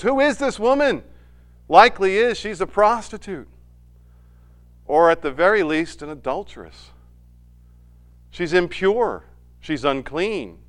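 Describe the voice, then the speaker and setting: A pastor with a fairly high voice delivers a sermon, shifting between loud emphasis and quiet asides. He retells scenes and gives voice to the quotes.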